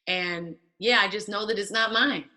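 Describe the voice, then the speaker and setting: Bright-sounding woman guest chatting, lively, acts out voices as she tells it. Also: medium pitch, normal speed. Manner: animated, acts out quoted voices. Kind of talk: conversational storytelling. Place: church stage.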